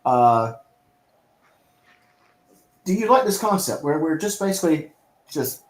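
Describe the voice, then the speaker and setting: A man's voice: fairly high pitch, very animated, measured pace. A man hosting a casual online chat show, talking in an easygoing way with lots of fillers. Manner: easygoing, chuckling, filler-heavy. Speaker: host. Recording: roomy echo.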